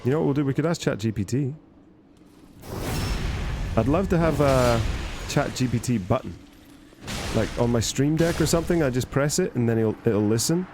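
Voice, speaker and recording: A man's voice: mid-range voice, moderate pace, pauses often, music in the background. A man streaming a game, chatting casually in a rambling, jokey way and often cutting himself off. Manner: rambling, self-interrupting, jokey. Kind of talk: casual gaming stream chat.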